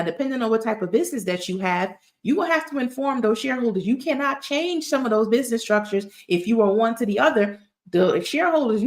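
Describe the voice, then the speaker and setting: A woman, a tax resolution expert giving casual advice straight to camera. She tells stories with plenty of emphatic asides. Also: medium pitch. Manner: chatty, emphatic, storytelling with asides.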